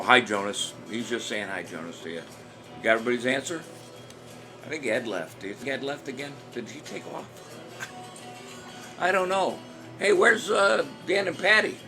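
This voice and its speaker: An older man casually hosting a live-stream trivia show, chatty and jokey, chuckling at his own jokes. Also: medium pitch. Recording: music playing under the voice.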